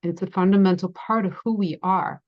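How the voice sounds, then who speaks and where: A woman's voice: mid-range voice, fairly even intonation, a little fast, lo-fi sound. A woman health coach giving a gracious, composed prepared talk on a conference panel.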